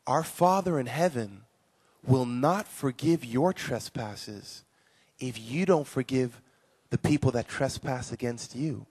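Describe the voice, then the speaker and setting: A man teaching children at a live conference session, animated and playful, praising his young volunteers. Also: mid-range voice, slow pace, slightly rough. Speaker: children's ministry speaker.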